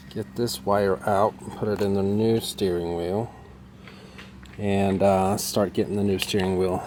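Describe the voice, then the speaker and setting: A man's voice: low voice, noisy background. A man casually narrating a do-it-yourself car repair as he works, chatty and muttering to himself. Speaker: car DIY vlogger. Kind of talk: casual how-to narration while working.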